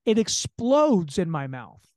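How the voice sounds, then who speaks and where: A man tells a long comic story on a podcast, his pitch swooping all over as he jumps into other people's voices. The sound is dry and close, straight into a studio mic with no room around it. He talks casually and swears freely. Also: slow pace, no echo. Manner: animated, swings into high quoted voices; laughing, profane. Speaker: podcast co-host. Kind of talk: animated comedic storytelling.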